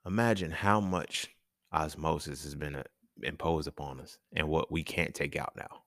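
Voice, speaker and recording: A young man hosting a casual podcast monologue, talking in an animated, profane way and laughing often. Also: rumbling low, normal speed, no echo, clean studio sound. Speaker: podcast host.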